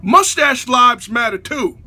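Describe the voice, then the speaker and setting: A man rants to camera in a comedic vlog, exasperated and profane, breaking into shouts. His voice sits very high with a piercing brightness, and his pitch leaps around constantly. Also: animated, takes it slowly. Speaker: comedy vlogger.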